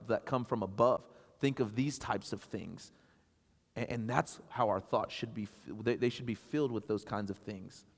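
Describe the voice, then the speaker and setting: A man in his thirties preaching a sermon, swinging between animated, loud passages and soft, quiet storytelling. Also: on the low side. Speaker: pastor. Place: church sanctuary. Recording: long hall reverb.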